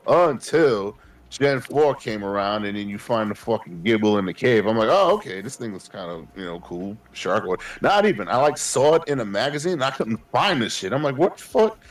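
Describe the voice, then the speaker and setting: A man, co-hosting a podcast and telling animated, profane stories, acting out his past self. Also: fairly low pitch, a little fast. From Queens, New York. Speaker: podcast co-host. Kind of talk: casual chat.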